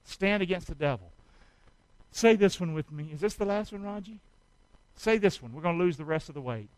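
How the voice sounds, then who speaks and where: A pastor preaches a sermon in church, exhorting the congregation and calling for them to answer back as he works through a demonstration, out of breath from the effort. His high-pitched voice is animated and a little fast. The low-quality recording is dry, with no room sound.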